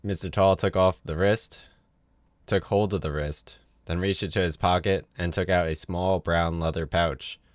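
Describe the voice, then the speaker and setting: A man's voice: low voice, fairly even intonation, normal speed, no echo, studio quality. A man reading a novel aloud on a livestream, in a casual way with offhand asides. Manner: casual read with ad-libbed asides. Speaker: reader.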